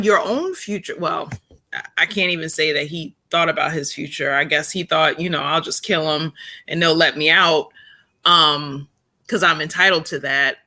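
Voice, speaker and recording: A woman joining a livestream panel, commenting in a thoughtful, hesitant way with many pauses. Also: fairly low pitch, sharp tone. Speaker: panel guest. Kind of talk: casual commentary.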